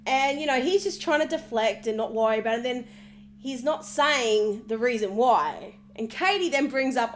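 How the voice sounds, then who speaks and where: Recapping a reality TV episode, a high-pitched woman gossips in an animated, sarcastic manner. She speaks at a moderate pace and frequently mimics the people under discussion.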